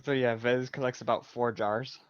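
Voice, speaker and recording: A man's voice: mid-range voice, little pitch movement, moderate pace, clean tone, no echo, dull audio. A man playing in a tabletop game, narrating his character's actions in a mild, polite way. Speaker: player.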